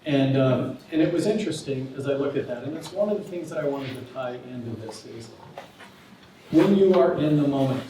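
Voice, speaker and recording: A man's voice: medium pitch, fairly quick, background noise. Man telling stories in an echoey hall. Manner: relaxed, anecdotal, with many fillers. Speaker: guest lecturer. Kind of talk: storytelling lecture. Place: large lecture hall. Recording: echoey lecture hall, distant mic.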